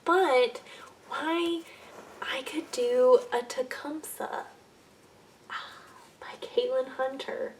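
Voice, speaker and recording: A young woman chats through a casual knitting podcast, rambling and correcting herself as she drifts into soft muttered asides. Her voice sits a little high and sounds a bit off the mic, with a faint hiss of room noise behind it. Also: far from the mic. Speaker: podcast host.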